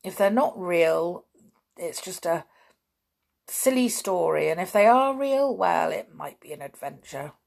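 A woman voices a bold tomboy girl in a children's story, stubborn and defiant. Her delivery is slow, with a husky and gravelly tone. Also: on the low side, lively intonation, a little mellow, full character voice.

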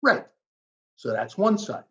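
A man arguing emphatically as a guest commentator, with dramatic pauses in a heated political debate. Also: high-pitched, sing-song, pushed and bright. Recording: slightly dull lo-fi audio.

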